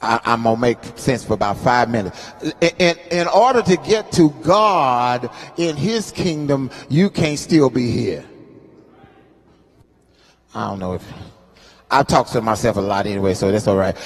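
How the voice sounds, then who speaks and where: A man in his fifties preaching at a funeral service, calling out to the congregation for responses and moving between quiet asides and loud, chanting scripture readings. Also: mid-range voice, lively intonation, measured pace, husky. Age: 50s. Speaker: guest preacher. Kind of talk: sermon at a homegoing service. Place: funeral home chapel. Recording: long hall reverb in a chapel.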